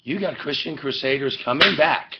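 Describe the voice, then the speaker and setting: A man's voice: on the high side, moderate pace, slightly rough. A man lecturing a class in a rambling, joking way, full of rhetorical questions, recorded on a webcam. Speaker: teacher. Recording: dull lo-fi webcam audio.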